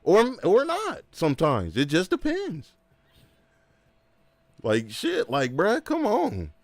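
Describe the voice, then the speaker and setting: A man's voice: fairly high pitch, takes it slowly, no room sound. A man streaming a game who chats casually and rants with emphasis, full of slang and repeated asides. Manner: animated, emphatic ranting with slang. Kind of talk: casual livestream chat.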